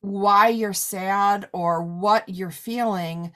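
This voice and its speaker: A woman's voice: mid-range voice, steady tone, extremely slow, pushed and bright. A woman in her forties in a casual conversation, talking loosely with lots of "like" and "you know". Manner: chatty, many fillers like "like" and "you know". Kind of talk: casual chat.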